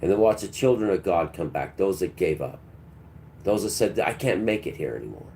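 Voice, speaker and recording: A man's voice: sits low, animated, fairly quick, a little mellow, slight background noise. A man hosting a livestream, delivering a preachy, combative monologue and talking back to his chat. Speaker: livestream host.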